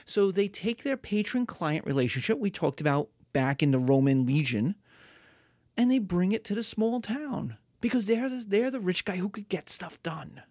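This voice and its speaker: A woman teaching history in a lively, storytelling way, with her pitch swinging widely. Her voice is dry and close to the mic. She keeps the lecture animated. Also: normal speed, dry recording.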